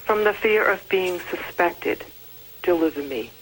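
Low-voiced woman caller reciting a prayer. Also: a little slow, slight background noise, poor audio. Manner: steady, devout, repetitive call-and-response cadence.

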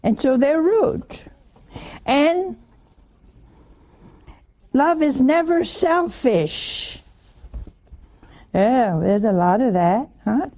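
An older woman gives a homey, informal sermon at an unhurried pace. Her voice is gravelly and mellow, and she keeps asking her listeners questions and laughing along with them. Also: sits high, lively intonation. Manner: chatty, asks the listeners questions, laughs often. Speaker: religious teacher.

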